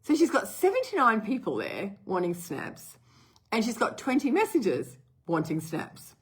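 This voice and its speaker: A woman's voice: fairly high pitch, huge pitch swings, unhurried, husky. A middle-aged woman with a cough, rambling casually with lots of fillers as she tells a story to camera. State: has a cough. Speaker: brand partner telling a customer story.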